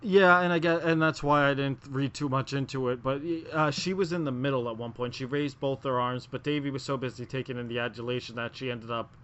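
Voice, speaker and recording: A man's voice: medium pitch, steady tone, brisk, hardly any pauses, a bit bright, clear, resonant tone. A man co-hosting a casual wrestling podcast, rambling through his picks with lots of filler words and restarts. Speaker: podcast co-host. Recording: muffled lo-fi audio.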